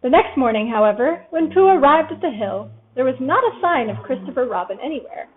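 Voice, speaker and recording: A woman reading a children's storybook aloud in a gentle, expressive way. Her voice sits a little high. The recording is thin and tinny, like a phone line. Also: a little fast.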